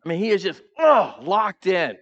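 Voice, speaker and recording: A male pastor preaching a sermon, animated, acting out the characters' voices and putting questions to the congregation in a church. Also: sits high, normal speed, lo-fi sound. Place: church sanctuary.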